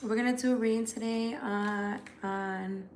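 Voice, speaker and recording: A woman's voice: medium pitch, fairly even intonation, measured pace, heavy background noise. A woman hosting a casual live stream as a tarot reader. She chats loosely with viewers, swears freely, and reads their comments aloud. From United States.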